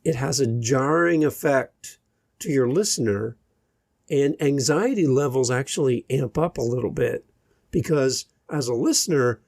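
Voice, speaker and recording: A man hosts a solo podcast, speaking slowly and deliberately with unhurried pauses between thoughts. His voice sits fairly high for a man and has a gravelly fry. The recording is dry and close, with no room sound. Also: darkish tone, dry recording. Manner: slow, deliberate delivery with long pauses. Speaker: podcast host and editor.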